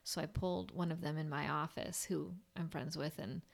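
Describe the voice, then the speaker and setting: Candid young woman, low-pitched, rambling. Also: fairly even intonation, normal speed, vocal fry. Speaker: nurse on a burn unit. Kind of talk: casual conversation.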